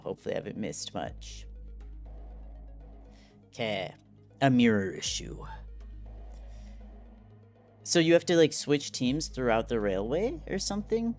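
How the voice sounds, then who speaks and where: A man's voice: medium pitch, creaky. A man streaming a game, chatting casually, reading chat and game text aloud. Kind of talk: casual live-stream commentary.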